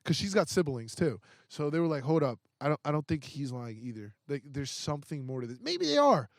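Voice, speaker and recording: A young man with a somewhat high voice tells a story as a podcast guest, swearing freely and acting out what each person said. He restarts his sentences as he gets worked up. The room sounds dry and close. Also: a little fast, creaky, dry recording. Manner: profane, acts out quoted voices; excitable, restarts often. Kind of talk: casual storytelling. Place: indoors, podcast recording.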